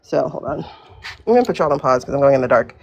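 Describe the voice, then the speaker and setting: Animated woman ranting on a livestream. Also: extremely low pitch, vocal fry, a little hiss or hum. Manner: animated, profane, quick asides. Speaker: livestream host. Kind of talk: casual livestream talk. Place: outdoors walking in rain. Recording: dull lo-fi livestream audio.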